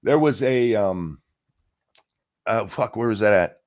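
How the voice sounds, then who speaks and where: A man's voice: fairly low pitch, expressive, takes it slowly, a little mellow. A man hosting a casual livestream, rambling and sarcastic, swearing freely and restarting his sentences often. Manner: rambling and profane, with frequent restarts. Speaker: livestream host.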